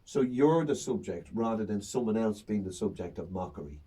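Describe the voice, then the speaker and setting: Comic, animated storyteller, husky voice, mic set back from him. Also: male voice, on the low side, moderate pace, far from the mic. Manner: animated storytelling, acts out crowd banter. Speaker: stand-up comedian. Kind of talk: casual chat.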